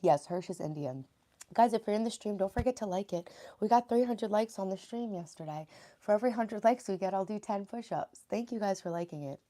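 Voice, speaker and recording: A woman in her thirties from New York who has just woken up, chatting casually with live-stream viewers in her bedroom. Her voice is raspy, and she greets people by name as she reads the chat aloud. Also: mid-range voice, animated, fairly quick, warm tone. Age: 30s. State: sleepy, just woke up.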